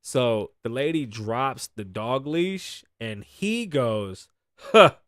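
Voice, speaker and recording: A man's voice: mid-range voice, animated, slow, smooth, dry recording, clean studio sound. A man hosting his live show, talking casually and profanely, telling stories with sighs and laughs. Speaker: host. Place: Las Vegas.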